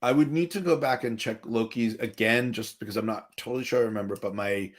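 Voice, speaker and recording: A man hosting a podcast in casual conversation, talking in an animated way with many restarts. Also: mid-range voice, fast. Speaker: podcast host. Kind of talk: casual chat.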